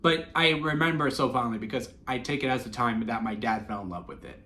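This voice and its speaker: Twenties guy with a bright sharp voice, rambly earnest vlog chat, lots of ums and restarts. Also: medium pitch, fast talker. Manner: earnest, sentimental, excitable, many fillers and restarts. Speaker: wrestling vlogger. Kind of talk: casual rambling storytelling.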